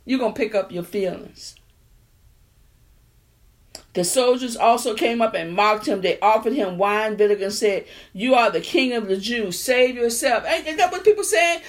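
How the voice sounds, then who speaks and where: Woman preacher, sermon, somewhat high voice, colloquial speech, scripture reading that grows into fervent preaching. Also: expressive, moderate pace. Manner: builds from quiet reading to fervent, repetitive preaching; colloquial, drops verbs in speech.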